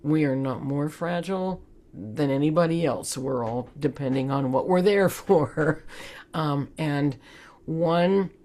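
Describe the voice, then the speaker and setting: Woman talking on a webinar, low voice, earnest and chatty. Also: slow pace, darkish tone. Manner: conversational, laughs often, earnest. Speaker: webinar presenter. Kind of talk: webinar talk.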